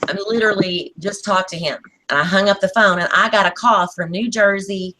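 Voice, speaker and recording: A woman's voice: medium pitch, fairly quick. An adult woman from Oklahoma, a panel guest telling a story in casual chat. She talks bluntly and acts out what people said. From Oklahoma, USA. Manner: animated, blunt, acts out quotes.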